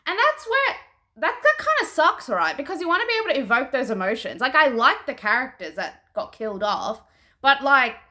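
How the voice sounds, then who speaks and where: Animated chatty young woman reviewer. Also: high-pitched. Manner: animated and chatty, heavy use of "like"; frank, swears freely. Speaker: book reviewer. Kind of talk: casual chat.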